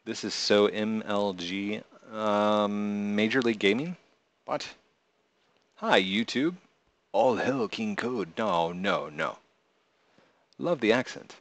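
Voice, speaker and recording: A man hosting a relaxed live stream, reading viewers' messages out loud and answering them with playful humor. His voice sits on the low side, and he talks slowly and unhurriedly. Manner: reads viewer chat aloud and answers playfully, often laughing. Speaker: live streamer and game creator. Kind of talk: casual live stream chat.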